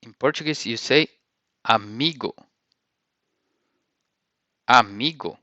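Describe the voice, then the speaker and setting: A man's voice: medium pitch, takes it slowly, bright, forceful tone, no room sound, muffled recording. A man teaching a vocabulary lesson, saying each word and repeating it with careful pronunciation. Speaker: language teacher.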